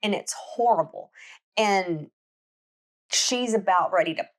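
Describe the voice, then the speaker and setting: A woman's voice: medium pitch, takes it slowly. A woman hosting a book podcast, retelling a novel's plot in a chatty storytelling way with many restarts. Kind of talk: casual book recap.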